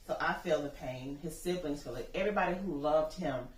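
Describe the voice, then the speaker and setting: A woman's voice: low voice, brisk, roomy sound, far from the mic, a little hiss or hum, low-quality recording. A woman speaking as a bereaved mother in an interview, earnest and emphatic, telling her own story and building to urgent appeals. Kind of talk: personal testimony.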